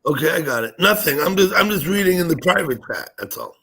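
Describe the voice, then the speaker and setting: A man's voice: fairly high pitch, animated, quick pace, bright, forceful tone, slightly rough. A man hosting a live stream, chatting casually, teasing his guests while he keeps an eye on the chat. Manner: joking, teasing, distracted by chat. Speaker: stream host.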